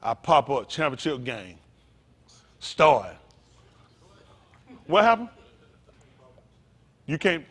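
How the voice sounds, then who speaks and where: A man preaching an interactive sermon, calling out to his congregation in with a lively, animated manner. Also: on the high side, very slow, pauses often. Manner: animated, calls out to the congregation, folksy vernacular. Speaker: pastor.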